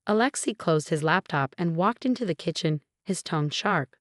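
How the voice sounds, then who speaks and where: Low-voiced woman narrating a story. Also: lively intonation, moderate pace, hardly any pauses, no echo, studio quality.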